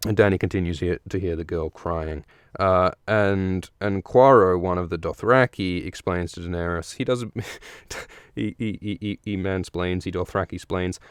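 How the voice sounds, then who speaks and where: A low-voiced man with a smooth, clean tone walks through a book chapter in loose, casual commentary. He thinks out loud, circling back with frequent "uh"s and restarts. The sound is dry and close, with no room echo. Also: moderate pace. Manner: rambling and analytical, with many "uh" fillers and restarts. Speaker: podcast host.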